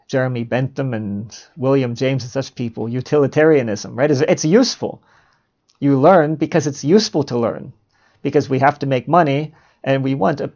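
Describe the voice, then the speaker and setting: A man's voice: mid-range voice, creaky, darkish tone. A middle-aged man hosting a reflective solo podcast monologue, musing and posing rhetorical questions he then answers himself. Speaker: podcast host. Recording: muffled lo-fi recording.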